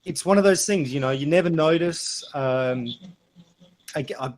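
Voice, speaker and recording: A middle-aged man with an Adelaide Australian accent, chatting casually through a webinar about accents, relaxed and anecdotal, with frequent fillers. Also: a little high, normal speed. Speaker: guest speaker. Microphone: video call.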